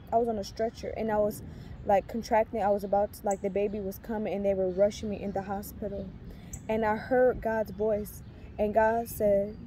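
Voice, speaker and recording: A woman's voice: mid-range voice, warm tone, slight background noise. A pregnant young woman rambling earnestly with many fillers and restarts as she shares a faith testimony in a casual vlog. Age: young adult. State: heavily pregnant. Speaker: faith vlogger.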